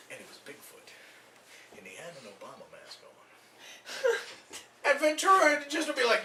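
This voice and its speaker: A man's voice: high-pitched, sing-song, moderate pace, long pauses, fairly bright tone, far from the mic, a little hiss or hum. A man performing a stand-up comedy set, rambling loosely, swearing and acting out voices. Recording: echoey room recorded from afar.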